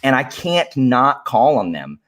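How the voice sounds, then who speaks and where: A man who teaches history, talking excitedly as a podcast guest and getting worked up as he speaks. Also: medium pitch, unhurried. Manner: excitable, animated, gets worked up. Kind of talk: casual chat.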